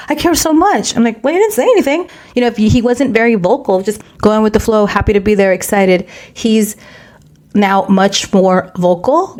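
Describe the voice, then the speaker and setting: A woman co-hosting a podcast in casual chat, telling stories with lively acted-out quotes and dropping Spanish phrases into her English. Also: medium pitch. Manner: fast, animated storytelling, mixing Spanish phrases into English; acts out quoted dialogue in a raised voice. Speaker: podcast co-host.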